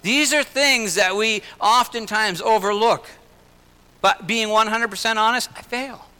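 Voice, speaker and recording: A man preaching a sermon in an earnest way, slowing and lifting his voice for emphasis and dropping into personal asides. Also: high voice, sharp tone, clean tone. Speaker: pastor. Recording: long hall reverb.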